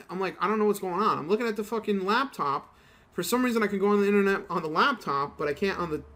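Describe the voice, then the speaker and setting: A man's voice: a little high, bright, forceful tone. A young man telling a rambling, profane story while commenting on his gameplay. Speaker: gaming YouTuber.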